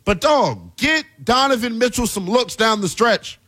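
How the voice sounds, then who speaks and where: A man hosting a basketball talk show, delivering an animated, exasperated commentary rant with plenty of emphasis. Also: very high voice, a little slow. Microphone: earpiece in studio.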